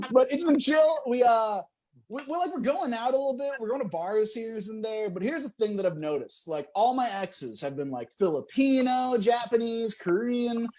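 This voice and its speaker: A man's voice: very high voice, lively intonation, moderate pace, a little mellow. A young man doing a stand-up comedy set, talking to the crowd and laughing between jokes.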